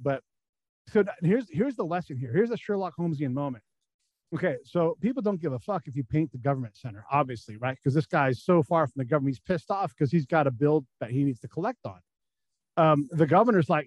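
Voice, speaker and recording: A former military intelligence officer, middle-aged and appearing as a guest, tells war stories candidly in a casual interview, swearing freely and acting out the people he quotes. He sounds a little high and animated, talking at a quick pace. It's a low-quality recording with no echo.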